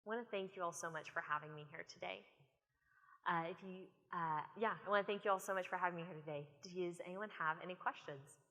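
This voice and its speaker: An American woman speaker giving an animated, storytelling conference talk from a stage. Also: on the low side, fairly quick. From United States. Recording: long reverb of a conference hall.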